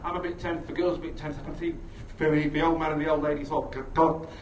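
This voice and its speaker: Sweary comedian telling a story, echoey. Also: male voice, on the high side, fast. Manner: sweary, animated, laughing often. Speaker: stand-up comedian. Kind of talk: stand-up storytelling. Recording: roomy, distant mic, crowd and noise. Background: audience laughter.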